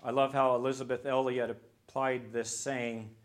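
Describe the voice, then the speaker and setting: A male pastor preaching a sermon, moving between loud emphatic lines and quiet, hushed ones. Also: flat delivery, moderate pace. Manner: preaching with wide swings from loud emphasis to hushed low tones.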